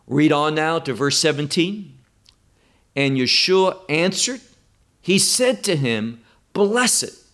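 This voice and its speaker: A man teaching verse by verse through a Bible passage, emphatic and deliberate, with wide swings in pitch. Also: expressive, fairly bright tone.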